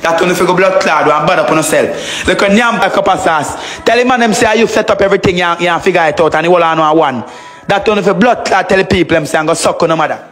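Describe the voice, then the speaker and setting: A man's voice: high-pitched, quick pace, fairly bright tone. A Jamaican man ranting angrily on a phone live stream, trading insults and repeating himself. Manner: angry, insulting, repetitive. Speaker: livestreamer. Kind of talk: livestream rant.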